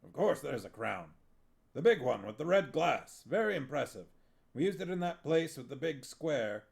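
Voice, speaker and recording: A man voicing a bossy, theatrical dwarf who directs a stage play and barks orders like a drill sergeant, with a gravelly rasp. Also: on the high side, big pitch swings, normal speed. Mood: brusque.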